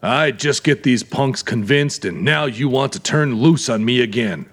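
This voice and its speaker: A man's voice: medium pitch, a little slow, fairly bright tone. A man voicing a surly, defiant aging warehouse owner who grumbles indignantly, in an audiobook reading. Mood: defiant grumbling. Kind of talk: audiobook character voice.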